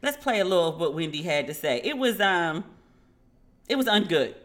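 A woman hosting a podcast, telling stories in a casual, animated way, acting out quoted dialogue and laughing often. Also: lowish voice, moderate pace. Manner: laughing, candid, swears casually. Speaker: podcast host. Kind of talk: casual commentary chat.

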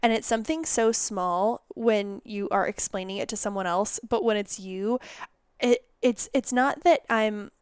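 A woman's voice: mid-range voice, measured pace, a little mellow, clean tone, dry recording, studio quality. A young woman hosting her own podcast, congested from a cold, chatting casually and rambling with self-mocking asides into a microphone. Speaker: podcast host and holistic nutritionist. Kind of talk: casual solo podcast chat.

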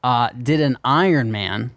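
A man's voice: medium pitch, unhurried, a bit bright, no echo. Male co-host, loose chatty storyteller with frequent swearing, dry close mic. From New York. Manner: rambling storyteller, swears freely. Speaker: podcast co-host. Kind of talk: casual chat.

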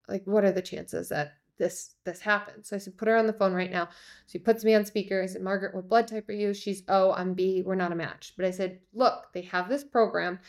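A woman, a podcast guest, telling a personal story in a lively way and acting out the voices of the people in it. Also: lowish voice. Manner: lively, acts out quoted voices. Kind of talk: conversational storytelling.

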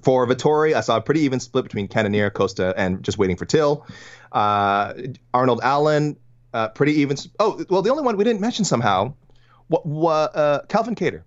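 A man's voice: medium pitch, expressive, muffled recording. A Canadian man co-hosting a casual sports podcast, rambling and often correcting himself mid-sentence. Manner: quick, rambling, self-correcting. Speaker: podcast co-host.

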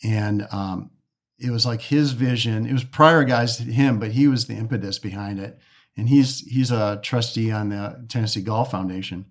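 A man's voice: fairly low pitch, moderate pace. A man from the Detroit area, a golf course architect, telling stories in a casual interview, often restarting and acting out quoted dialogue.

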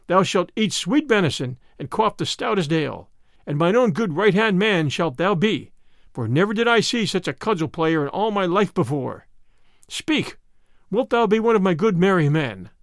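A man's voice: high-pitched, big pitch swings, moderate pace, no room sound, clean studio sound. A man voicing a bold, jovial outlaw leader who speaks in hearty, old-fashioned declaiming tones in a storybook reading.

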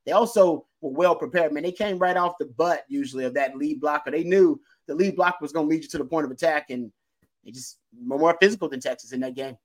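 A man co-hosting a football podcast, talking in an emphatic, animated way and laughing easily. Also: fairly high pitch, fast. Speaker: podcast co-host, football analyst. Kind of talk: casual sports talk.

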